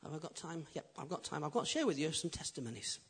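A man preaches with a high, husky voice, swinging between loud emphatic lines and hushed, intimate ones. He tells stories from the pulpit with a humorous touch. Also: very animated, fast talker. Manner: humorous storytelling. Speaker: pastor. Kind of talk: sermon.

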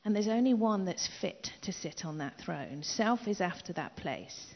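A middle-aged woman delivers a sermon, her voice rising and falling with lively swings in pitch. She is emphatic and repeats key phrases, then slips into quiet asides. The recording is muffled and rings with the long echo of a large hall. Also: moderate pace. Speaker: preacher. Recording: dull echoey hall recording.

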